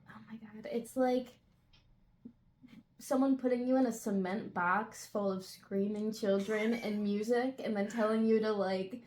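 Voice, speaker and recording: A young woman tattoo artist as an interview guest, relaxed and wry with quick answers. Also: medium pitch. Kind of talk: casual interview chat.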